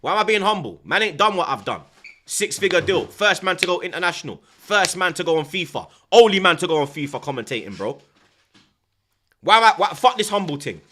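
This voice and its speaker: A man, a football streamer talking in a loud, swaggering rant full of repeated slang tags. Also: high-pitched, sing-song, fairly quick. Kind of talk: casual boastful rant.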